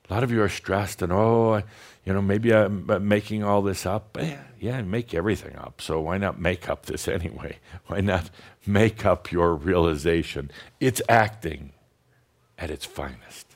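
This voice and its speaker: A man giving a channeled spiritual talk to an audience, blunt and teasing, slowing down to guide deep breaths. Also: gravelly. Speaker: spiritual teacher channeling a master.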